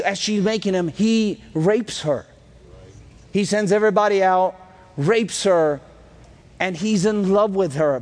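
High-voiced pastor preaching in echoing hall. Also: male voice. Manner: lively storytelling in casual speech. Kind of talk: sermon.

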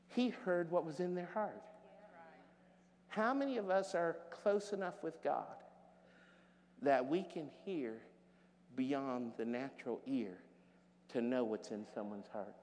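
A man pastor preaching a sermon, rising to loud shouted peaks and dropping to quiet storytelling. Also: fairly high pitch, long reverb tail, slight background noise.

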